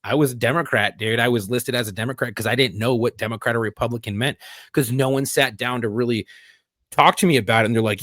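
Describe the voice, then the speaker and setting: A man's voice: medium pitch, fairly quick, fairly bright tone, no echo. A man from California hosting a podcast, talking in a laid-back, profane way full of "dude". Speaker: podcast host, Marine veteran. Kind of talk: casual chat. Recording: dry close-miked sound.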